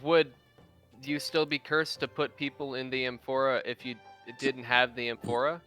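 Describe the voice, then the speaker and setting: Bright-voiced man player. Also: medium pitch, level tone, moderate pace, soft background music. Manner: casual, direct questions.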